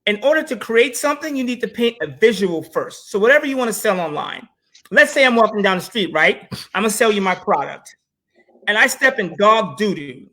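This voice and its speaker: A man co-hosting a casual panel talk, animated and addressing viewers directly as he tells stories. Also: high voice, a little fast. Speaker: co-host.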